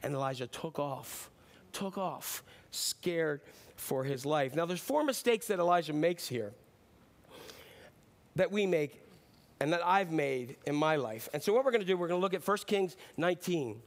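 Brief: high-pitched male preacher, lively storyteller mid-sermon. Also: moderate pace. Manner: animated storytelling, slipping into playful character voices. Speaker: pastor.

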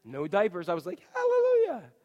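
A man's voice: sits high, normal speed, highs cut off. A male pastor preaching a sermon, telling stories with energy and now and then acting out voices. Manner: animated storytelling, acts out voices and shouts. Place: church sanctuary. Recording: long reverb of a church hall.

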